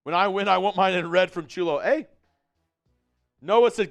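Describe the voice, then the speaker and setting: A man from Texas hosting a live stream, chatting casually with viewers and calling the game play by play, shouting on big plays. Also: high voice, normal speed, vocal fry, soft background music. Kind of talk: casual live-stream watch-along commentary. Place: studio at company headquarters.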